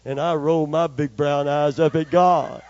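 A man's voice: fairly high pitch, fairly even intonation, moderate pace, darkish tone. An older male preacher telling a homespun story in his sermon and calling for amens from the congregation. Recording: slightly dull, dry recording.

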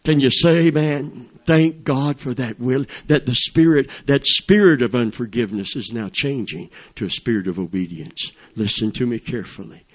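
A man's voice: mid-range voice, normal speed, hardly any pauses. An older man preaching a sermon in a fervent, folksy way, calling out praise as he teaches.

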